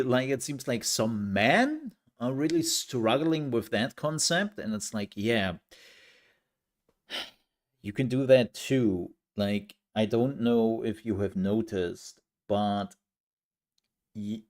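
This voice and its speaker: A young man chatting casually to his livestream viewers, rambling with lots of fillers and laughs. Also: fairly low pitch. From outside the US, from a country with universal healthcare. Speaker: streamer.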